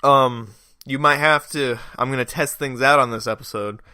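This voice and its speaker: A young man hosts a casual solo podcast, rambling and poking fun at himself. His voice is bright and a little stuffy from a cold. It is recorded close on the mic in a dry, dead room. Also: mid-range voice, steady tone, normal speed, smooth, no room sound. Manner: rambling, self-deprecating, joking. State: stuffy nose. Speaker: podcast host.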